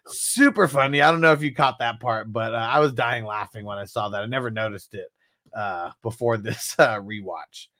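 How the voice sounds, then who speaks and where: A man's voice: on the low side, normal speed, bright, forceful tone, no echo, clean studio sound. A man co-hosting a casual movie review, laughing often and mimicking punch sounds. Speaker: podcast co-host.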